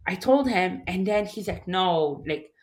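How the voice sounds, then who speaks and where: A woman in her thirties from Montreal, telling a personal story as an interview guest in an emotional, halting way, restarting her sentences and acting out other people's voices. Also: fairly low pitch, animated, darkish tone. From Montreal, Canada.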